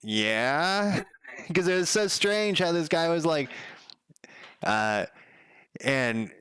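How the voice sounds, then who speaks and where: A man's voice: on the high side, big pitch swings, takes it slowly, fairly bright tone, clear, resonant tone, no echo, clean studio sound. A man streaming as a game developer, chatting casually at home, rambling through stories, swearing now and then and chuckling often. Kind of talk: casual chat.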